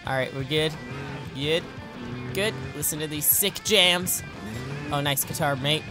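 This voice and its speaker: A young man commentating on his own gameplay, excitable and jokey, talking to himself and yelping when he crashes. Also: fairly high pitch, unhurried, music in the background. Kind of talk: let's play commentary.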